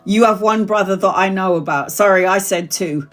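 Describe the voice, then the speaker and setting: A woman's voice: medium pitch, normal speed, fairly bright tone, faint music behind. A woman giving a live-stream tarot reading, chatty and blunt, swearing freely and calling viewers honey and sweetheart. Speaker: tarot reader.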